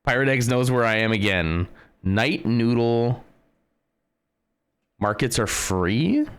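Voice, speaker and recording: A man's voice: medium pitch, animated, slow pace, clean tone. A man streaming live, chatting with his viewers and thinking aloud as he plays a location guessing game, greeting people by name. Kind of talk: casual live-stream chat while playing a guessing game.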